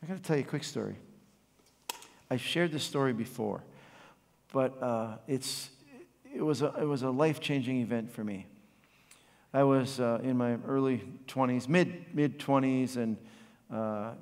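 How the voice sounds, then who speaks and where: A pastor in his forties preaching a sermon, swinging from loud passionate bursts to quiet, reflective storytelling. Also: medium pitch. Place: church sanctuary. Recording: long hall reverb.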